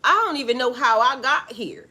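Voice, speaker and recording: A woman giving a casual spiritual monologue to her viewers, profane and animated, laughing often. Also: sits high, fairly quick. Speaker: spiritual reader.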